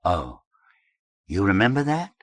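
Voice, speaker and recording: A man's voice: fairly low pitch, huge pitch swings, unhurried, no room sound. A man voicing a blunt, curt young male gang leader in an audiobook.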